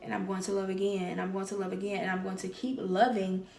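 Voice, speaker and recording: A woman's voice: medium pitch, level tone, quick pace, creaky, a little mellow, roomy sound, far from the mic. A woman hosting a podcast, talking openly and emphatically about her feelings and repeating phrases to drive her point home. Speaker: podcast host. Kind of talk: personal monologue on healing.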